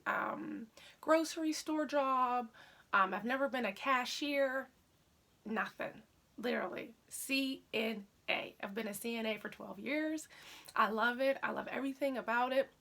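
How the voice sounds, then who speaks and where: A woman who works as an independent accessories consultant, telling her story in a chatty, animated way. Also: a little high, a little slow, gravelly. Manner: chatty, animated, says "literally" often. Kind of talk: casual storytelling vlog.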